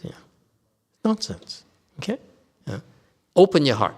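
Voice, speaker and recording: A Buddhist master from Vietnam gives a dharma lecture in a temple hall, joking and keeping it conversational while often checking in with listeners. His mid-range voice is sing-song and slightly slow, and the hall adds a long reverb.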